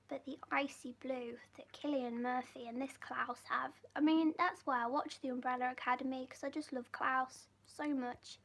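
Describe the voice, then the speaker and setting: A British woman hosting a live stream, chatting in a soft, often whispered voice and rambling warmly between viewer comments. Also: sits high. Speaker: livestream host reading viewer comments.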